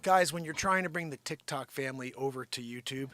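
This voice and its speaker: A man's voice: medium pitch, fairly quick, heavy background noise. A man hosting an improvised comedy livestream, joking and talking to his viewers. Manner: jokey, animated, talks to chat. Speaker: livestream host.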